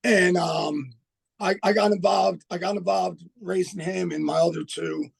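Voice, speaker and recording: Gravelly older man, blunt and streetwise. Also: sits high, steady tone, a little slow. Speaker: podcast guest. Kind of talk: casual storytelling.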